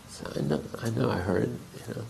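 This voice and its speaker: Husky, gravelly male speaker for a temple class, casual storyteller who voices the dialogue himself. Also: medium pitch, fairly quick, darkish tone, poor audio. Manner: conversational, acts out quoted dialogue.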